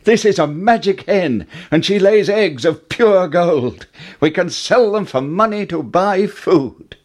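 An eager young boy hero from a storybook, voiced by a man, bright and raised well above a grown man's pitch. His delivery is lively and a little breathy. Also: takes it slowly, heavily acted. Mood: excited. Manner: excited, calling out.

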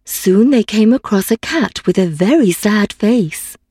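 Storyteller: woman, measured and unhurried, slightly husky. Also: mid-range voice, lively intonation, warm tone, no room sound, clean studio sound. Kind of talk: storybook reading for children.

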